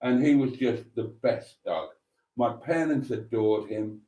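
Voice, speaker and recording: A man's voice: medium pitch, measured pace, dark tone. A man hosting a casual live stream, rambling through a story and reading out viewer comments.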